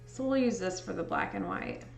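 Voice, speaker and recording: A woman's voice: fairly low pitch, huge pitch swings, normal speed, creaky, roomy sound. A woman vlogger chatting casually and thinking aloud while she edits. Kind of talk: casual chat while editing.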